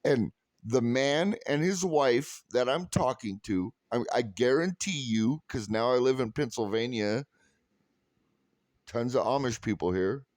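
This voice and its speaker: A man's voice: medium pitch, unhurried, darkish tone, dry recording. A man from California telling a heated, sarcastic story full of swearing, in a profane rant. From California, USA. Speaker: vlogger.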